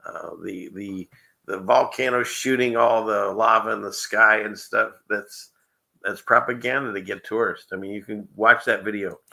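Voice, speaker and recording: A man's voice: lowish voice, fairly even intonation, moderate pace, vocal fry, sharp tone. A man hosting a casual livestream show, rambling and chuckling often between loose asides. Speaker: show host.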